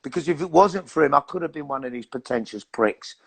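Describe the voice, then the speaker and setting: A middle-aged man with a London accent, an actor telling animated anecdotes in a casual interview and swearing freely. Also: on the high side, brisk, creaky, breathy edge. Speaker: actor and guest.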